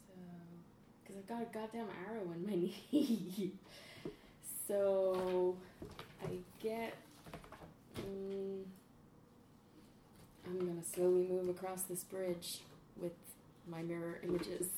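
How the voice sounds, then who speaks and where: A woman playing a tabletop game, soft and unhurried. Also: lowish voice, little pitch movement. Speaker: player. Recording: echoey room with audible hiss.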